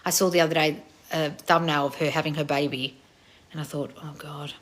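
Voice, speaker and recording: A loud, brash woman, chatting casually as a channel host. Her lowish voice has a bright, forceful edge. She is blunt and swears freely. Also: steady tone, a little fast, a little hiss or hum. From family of Croatian heritage. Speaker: channel host reading viewer comments. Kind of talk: casual live chat.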